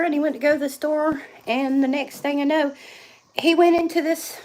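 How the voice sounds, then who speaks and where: A middle-aged woman with a drawl talks to her phone camera in a loose, rambling way, laughing often. Her voice sits high. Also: steady tone, moderate pace, a little mellow. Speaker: vlogger. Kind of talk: casual livestream chat. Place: home and yard, outdoors at times.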